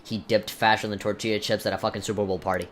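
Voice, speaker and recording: A woman's voice: very deep voice, flat delivery, quick pace. A woman commentating a video game in a crude, sarcastic, jokey way, with game music behind. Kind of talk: let's play commentary.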